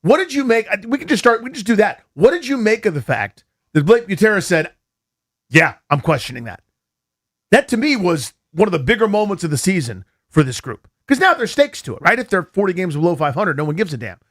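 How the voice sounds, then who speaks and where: Animated male sports radio host. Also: high-pitched. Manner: animated, rapid, takes calls. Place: radio studio.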